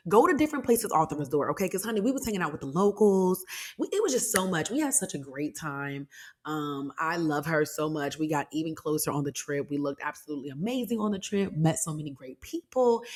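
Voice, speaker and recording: Young woman, low voice, solo podcast host, chatty and sassy. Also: a little fast. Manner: chatty, animated, with sassy asides to listeners.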